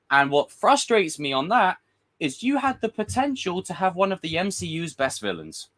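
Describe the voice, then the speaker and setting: A man's voice: on the high side, fairly bright tone. A man giving a casual, frustrated livestream rant as a film commentator, swearing and acting out quotes.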